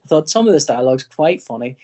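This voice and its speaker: A Northern Irish man chatting as a podcast guest, rambling and animated as he retells film scenes. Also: on the high side, quick pace. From Northern Ireland. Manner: animated, rambling storyteller who puts on voices when retelling scenes. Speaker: guest, comic artist. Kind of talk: casual podcast chat.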